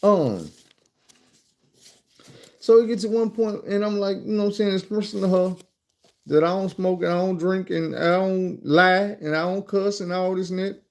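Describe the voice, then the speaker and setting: A man with a Southern American accent telling a casual, profane storytime monologue in an animated, conversational way. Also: high-pitched, moderate pace, vocal fry. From Arkansas, USA.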